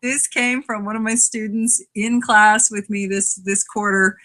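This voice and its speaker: Chatty woman cohost, bright voice, keeps laughing and restarting, casual podcast talk. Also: medium pitch, fairly even intonation, unhurried. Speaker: podcast co-host and writing teacher.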